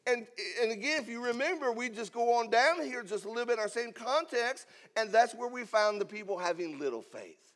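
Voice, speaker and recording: A man preaching a sermon, swinging between loud emphatic lines and hushed asides. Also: very high voice, lively intonation, a little fast. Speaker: pastor.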